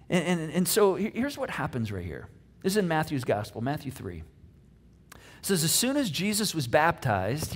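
A man pastor giving a casual, animated sermon, telling a story in a conversational way with many fillers. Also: sits high, husky.

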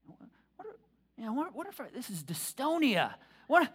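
A woman's voice: moderate pace, breathy edge. A middle-aged woman pastor giving a conversational sermon, telling stories animatedly and acting out her own thoughts, often repeating words and restarting. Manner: animated storytelling, acts out own thoughts with big pitch swings; frequent word repeats and restarts.

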